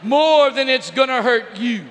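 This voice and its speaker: A man's voice: extremely high pitch, expressive, measured pace, fairly bright tone, a little hiss or hum, exaggerated voice. A man doing his stern, angry dad. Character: stern, angry middle-aged father. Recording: long echo of a big arena.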